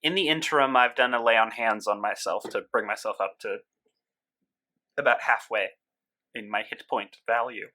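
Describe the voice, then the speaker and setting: A man's voice: medium pitch, moderate pace, bright, forceful tone. A man playing a tabletop game with a wry, dry sense of humor. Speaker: player. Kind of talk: casual tabletop play.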